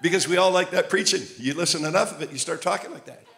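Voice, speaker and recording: An older male preacher from Montreal, Canada, speaks high and quick with some vocal fry. His sermon mixes humorous stories with loud, emphatic peaks.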